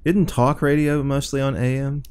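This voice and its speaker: A man's voice: medium pitch, flat delivery, moderate pace, a little mellow, clear, resonant tone. A man co-hosting a podcast, chatting casually and asking skeptical, teasing questions. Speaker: podcast co-host. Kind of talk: casual chat.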